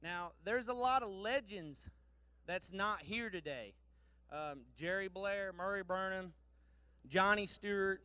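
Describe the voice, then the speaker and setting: A man in his thirties from Missouri talks to an audience over a handheld mic with a dry, close sound. His voice is high and ringing clear, and his delivery is folksy, jokey and full of energy. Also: takes it slowly, sharp tone, no echo. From Missouri, USA. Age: 30s. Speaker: guest speaker presenting awards. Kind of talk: casual speech to an audience.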